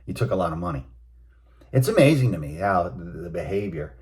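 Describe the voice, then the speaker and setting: A man's voice: low-pitched, lively intonation, brisk, darkish tone. A man, hosting a sports talk show and ranting bluntly, with emphatic outbursts. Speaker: host. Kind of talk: opinionated sports talk monologue.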